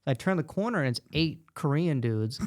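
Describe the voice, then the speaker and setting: A man who is a stand-up comedian and guest, talking casually and animatedly, telling stories with quick asides. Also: a little high, expressive. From United States. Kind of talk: casual podcast conversation.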